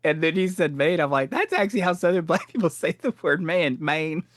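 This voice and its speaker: A man co-hosting a podcast, chatting about a TV episode with quick, teasing quips. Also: high voice, animated, fairly bright tone, no echo, studio quality. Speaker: podcast co-host. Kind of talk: casual chat about a TV episode.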